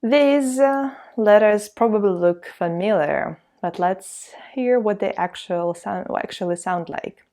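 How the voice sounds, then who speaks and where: Russian lady teaching how to read, slow and patient, cheering the learner on. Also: medium pitch, mellow. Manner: patient, encouraging, reads words slowly for repetition. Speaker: language teacher. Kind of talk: online language lesson.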